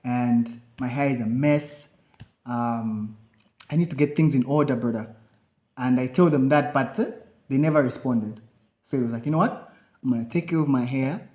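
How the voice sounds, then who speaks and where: A young podcast co-host with a medium-pitched voice speaks at a moderate pace, telling a story in relaxed conversation. He animatedly acts out the quotes of himself and others, and the room echoes.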